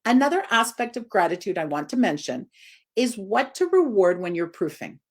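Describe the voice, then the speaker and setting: A woman in her forties, a dog trainer giving an informal live video talk, expressive and swinging up high for emphasis. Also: normal speed, slightly rough.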